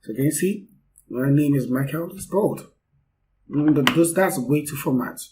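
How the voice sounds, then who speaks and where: A man walks viewers through a beginner coding lesson at his computer. He talks unscripted and steps through each point with small fillers. His voice is mellow and warm, and a faint hum of room ambience sits underneath. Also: fairly high pitch, normal speed, rough recording. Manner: unscripted, explaining step by step with fillers. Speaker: coding instructor. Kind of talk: screen-recorded coding tutorial.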